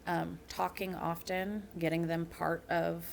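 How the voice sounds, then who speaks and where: A woman in her thirties talks earnestly and personally as a podcast guest. Her voice sits low with a gravelly fry. A faint noise floor runs under the recording. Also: little pitch movement, measured pace. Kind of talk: candid interview conversation.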